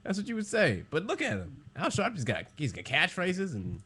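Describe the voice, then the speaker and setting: A man's voice: fairly high pitch, wildly swooping pitch, normal speed, sharp tone, husky. A man co-hosting a casual comedy podcast, riffing with lots of swearing and the odd put-on voice. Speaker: podcast co-host. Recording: live-streamed podcast.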